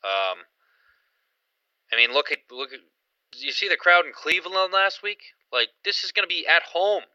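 A man co-hosting a sports podcast, talking in a rambling, excited way with lots of fillers. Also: fairly high pitch, normal speed, clean tone, no echo, dull audio. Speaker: podcast co-host. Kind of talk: casual sports chat.

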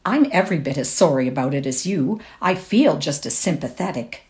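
A woman's voice: low voice, lively intonation, a little fast, a little mellow. A woman reading the lines of an upset, tender-hearted young woman in a short story, in a pleading, breathless manner.

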